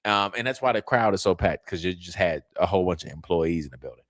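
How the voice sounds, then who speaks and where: This commentary channel host has a low voice and talks fast, poking fun at things with animated, slangy banter. The recording is dry and studio-clean.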